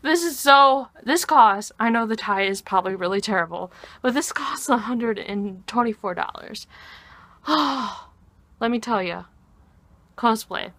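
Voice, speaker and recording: A young American woman rambles through a casual cosplay vlog, giggling and filling her pauses with ums. She talks slowly in a fairly high, bright voice. The sound is close and dry, with no room echo. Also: lively intonation. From United States.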